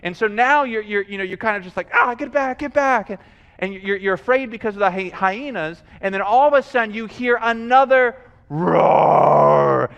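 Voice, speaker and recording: A man's voice: high voice, normal speed, gravelly, a bit bright, clean tone, long reverb tail, dull audio. A male pastor preaching a sermon, telling stories animatedly, acting out scenes and calling for responses from the congregation.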